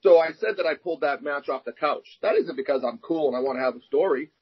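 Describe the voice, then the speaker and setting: A man's voice: a little high, fast, breathy edge. A young man, an arm wrestler, telling candid personal stories in an interview and acting out the dialogue. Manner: animated, acts out quoted dialogue. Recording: dull lo-fi sound.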